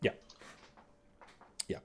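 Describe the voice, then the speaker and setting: Halting man running a tabletop game. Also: a crowd in the background. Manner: halting, full of fillers and restarts. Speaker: game master.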